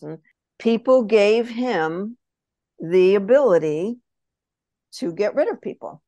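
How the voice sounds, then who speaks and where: A woman spirit messenger telling a past-life reading as an animated story, acting out quotes and often asking if the listener follows. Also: medium pitch, takes it slowly, pauses often, dry recording. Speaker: spirit messenger, podcast guest.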